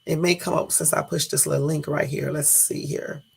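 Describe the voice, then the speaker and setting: A woman vlogger talking casually to her viewers, rambling with frequent exclamations and asides, sometimes slowly reading news text aloud. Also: sits low, steady tone, gravelly, slight background noise.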